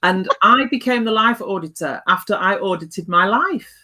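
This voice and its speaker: A woman's voice: medium pitch, lively intonation, moderate pace, pushed and bright. A middle-aged woman talking as a guest on a talk show, blunt and down-to-earth, with mild swearing and hearty laughs. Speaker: guest, life coach. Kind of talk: casual chat.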